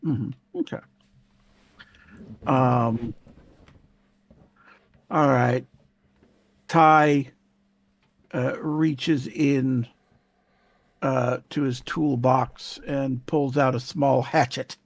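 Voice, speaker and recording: Man, player, slow and deliberate, somewhat high, dry sound. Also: fairly even intonation, creaky, no echo. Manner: measured, many listening cues. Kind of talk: playing a tabletop role-playing game.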